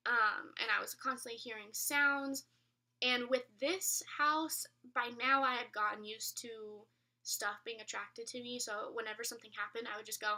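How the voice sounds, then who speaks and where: A young woman tells a story in a chatty vlog, her voice fairly high and very bright. She leans on fillers and sometimes sinks to a whisper. She sounds a little distant from the mic. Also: steady tone, moderate pace. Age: young adult. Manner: chatty, filler-heavy, drops to a whisper at times. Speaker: vlogger. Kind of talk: casual storytelling.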